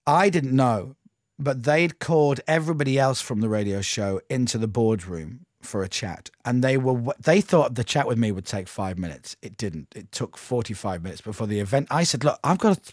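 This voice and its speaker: A man's voice: medium pitch, moderate pace, no room sound, clean studio sound. A man being interviewed, once a radio breakfast show host, telling a story in a casual way and acting out what people said. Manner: animated, acts out quoted dialogue. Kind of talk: conversational storytelling.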